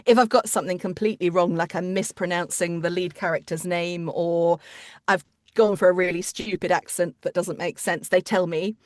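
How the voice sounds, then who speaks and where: A woman, an audiobook narrator and coach, chatting in an interview with quick asides and restarts. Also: lowish voice, steady tone, dry recording, studio quality. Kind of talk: casual interview chat.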